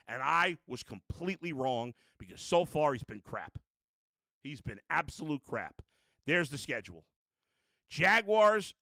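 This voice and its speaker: A middle-aged man hosts a live post-game sports show, ranting bluntly and cursing freely. His voice sits a little high, with a gravelly fry and a sharp, bright edge. The sound is dry and close, with little room in it. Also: no echo. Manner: blunt, heated, ranting with profanity; self-mocking asides, frequent restarts. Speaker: sports talk show host.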